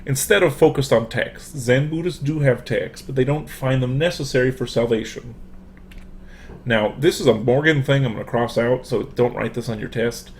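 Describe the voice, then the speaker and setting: A man's voice: mid-range voice, moderate pace, a little hiss or hum. A man, a professor, giving a casual online lecture through a computer microphone, full of fillers and restarts.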